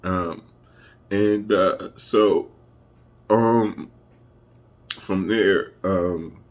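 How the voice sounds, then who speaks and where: A man telling a personal family story to camera, emotional and halting as he searches for words. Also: deep voice. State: emotional, holding back tears. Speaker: vlogger.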